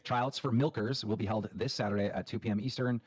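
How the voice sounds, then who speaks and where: Fast-talking blunt, profane male host. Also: on the low side, steady tone, dry recording. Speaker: livestream show host. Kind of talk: livestream commentary.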